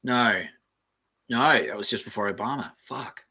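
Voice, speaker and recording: A man's voice: mid-range voice, measured pace, pushed and bright, husky. An Australian man hosting a solo podcast, reading aloud in a meandering, offhand way and swearing casually. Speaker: podcast host.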